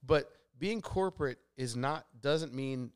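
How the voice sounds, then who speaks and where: A man's voice: medium pitch, unhurried, clear, resonant tone, no room sound, clean studio sound. A man who is a guest on a podcast, talking bluntly and with animation in casual chat.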